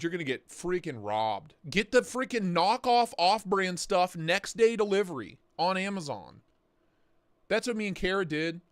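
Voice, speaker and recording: Man, 30s, livestream host, rambling casual chat, joking, higher pitch, dry sound. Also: dry recording. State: sore neck and back.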